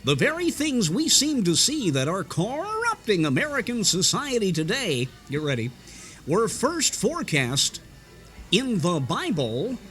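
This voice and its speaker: A theatrical radio preacher whose voice stretches like a rubber band, leaning on drawn-out words and sweeping up into a high register, as a man puts him on. Every phrase swoops and rises with dramatic lift. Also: huge pitch swings, fairly bright tone, faint music behind, full character voice. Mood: preachy. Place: restaurant.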